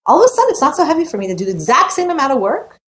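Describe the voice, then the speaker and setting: A woman's voice: high-pitched, big pitch swings, rapid-fire, fairly bright tone. A woman giving a heartfelt, emphatic personal Torah talk, repeating phrases and mixing in Hebrew terms. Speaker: Torah teacher.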